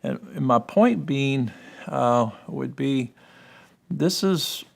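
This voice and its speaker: A man with a gravelly voice explaining Hebrew and Greek grammar in a discussion, full of "you know" and checking "correct?". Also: mid-range voice, animated, slow pace. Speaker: guest explaining biblical languages.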